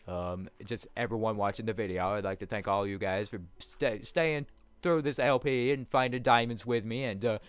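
A man's voice: lowish voice, fairly bright tone, clean tone, no echo. A young man giving rambling, casual commentary on his own gameplay, chatting with viewers and laughing often. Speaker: let's play host.

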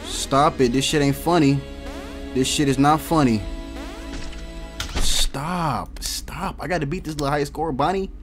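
A young man doing loud, slangy, excitable let's-play commentary, swearing and shouting at game characters. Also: fairly high pitch, brisk, soft background music. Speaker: gaming YouTuber.

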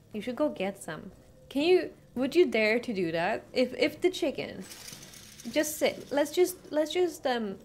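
Chatty higher-voiced woman streamer. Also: a little mellow, slight background noise. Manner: chatty, asks her chat questions, laughs often. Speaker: game streamer. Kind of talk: casual live-stream chat while playing.

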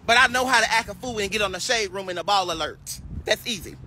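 A man's voice: high voice, quick pace, sharp tone, a little hiss or hum. A young man on a casual livestream, delivering a sassy, preachy clapback rant.

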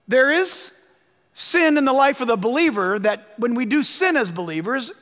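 A pastor delivers a sermon in a man's very high-pitched, expressive voice, with a fairly bright tone and a moderate pace. He speaks emphatically, repeating phrases for stress and urging listeners to write things down. The recording carries a long hall reverb.

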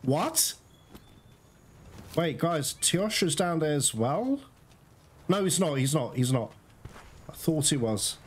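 A man's voice: fairly high pitch, big pitch swings, takes it slowly, pauses often, slightly rough. Frustrated man commenting on his gameplay. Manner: frustrated, swearing, exclaiming at the game. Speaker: gaming channel host.

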